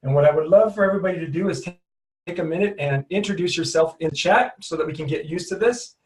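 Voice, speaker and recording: Hyped-up guy running a webinar, kinda high voice, sounds far from the mic. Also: fast, darkish tone. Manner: upbeat, hyped, chatty, greets viewers one by one. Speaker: webinar host and trainer. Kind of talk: live webinar coaching. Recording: roomy and distant from the mic.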